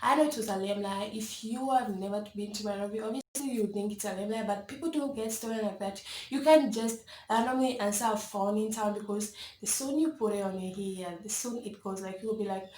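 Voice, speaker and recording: A young woman from Kenya telling a story to her camera in a casual, animated way, laughing often and filling with "like" and "you know". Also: medium pitch, fairly quick, few pauses, roomy sound, slight background noise. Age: young adult. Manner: animated, dramatic, laughs often, many likes and you-knows. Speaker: vlogger.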